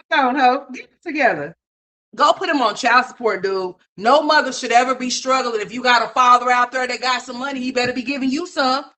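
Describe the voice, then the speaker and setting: A woman hosting a livestream talks fairly quickly with hardly any pauses, ranting in profane, brash, scolding commentary full of slang. She's animated, swinging between loud and low.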